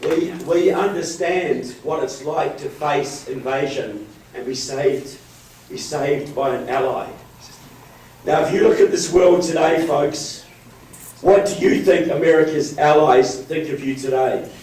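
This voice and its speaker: A man's voice: fairly high pitch, unhurried, darkish tone, some chatter behind. A man from New Zealand with a New Zealand accent and a cold, giving a joking, rallying political speech as guest speaker in a meeting room. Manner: joking, rallying, often says "folks". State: has a cold. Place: county board meeting room. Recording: echoey room, mic from far.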